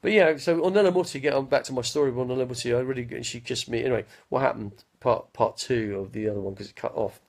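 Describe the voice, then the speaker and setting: Gravelly fifty-something man, halting. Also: mid-range voice. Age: 50s. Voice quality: gravelly, husky. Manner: slow, halting, loses his train of thought. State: mild stutter after head injury. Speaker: live streamer. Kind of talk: rambling casual storytelling.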